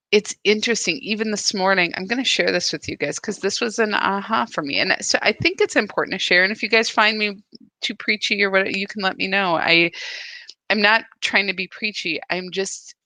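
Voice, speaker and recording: A woman's voice: medium pitch, sharp tone, dry recording. A woman hosting a daily spiritual practice, speaking earnestly and emphatically, often restarting her sentences as she reflects.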